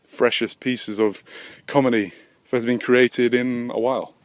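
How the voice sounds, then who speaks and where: The voice is a young Englishman's: mid-range, steady in tone, measured in pace, with no echo. He's vlogging on a handheld camera as he walks by a road in the wind, rambling, swearing and running himself down. The background is wind noise and traffic going past.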